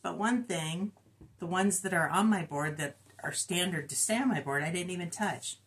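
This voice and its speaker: Low-voiced chatty woman stitcher. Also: moderate pace. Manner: chatty, reports stitch counts, self-deprecating. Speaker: co-host of a cross-stitch channel. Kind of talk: casual chat.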